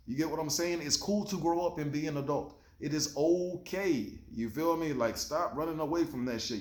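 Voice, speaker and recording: A man's voice: on the high side, reverberant. A man hosting his own show, giving a laid-back, slangy motivational talk straight to the camera and swearing freely. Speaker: show host.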